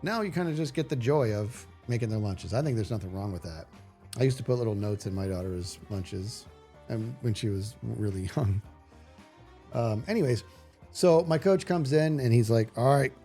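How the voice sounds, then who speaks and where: A man in his forties, a livestream host telling a story in a casual way, animated and rambling, with many restarts. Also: mid-range voice, normal speed, faint music behind.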